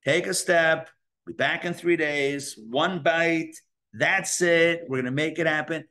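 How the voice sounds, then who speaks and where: A man's voice: fairly high pitch, unhurried, bright, forceful tone. A man, a rabbi, giving a live Torah class and acting out inner dialogues in shifting voices.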